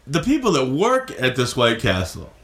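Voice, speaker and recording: Animated man telling a drunken story. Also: mid-range voice, moderate pace, echoey room. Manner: animated storyteller, acts out shouted quotes. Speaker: podcast guest. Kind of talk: storytelling in casual chat.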